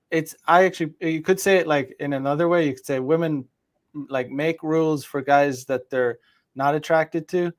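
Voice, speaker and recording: A man hosting a podcast in casual chat, giving his opinions in a halting way with frequent restarts. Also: mid-range voice. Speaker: podcast host.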